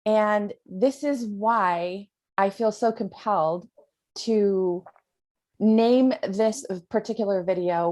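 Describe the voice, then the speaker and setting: A woman's voice: medium pitch, takes it slowly, a little mellow. An American woman, a spiritual coach, speaking earnestly and rambling with fillers on a video call. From United States.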